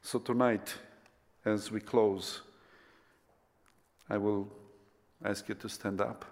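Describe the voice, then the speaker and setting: Guy preaching a sermon, slow and low, big echoey church sound. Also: flat delivery. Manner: impassioned, rising to near-shouts then dropping to soft whispers. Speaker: pastor. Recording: long reverb of a church hall.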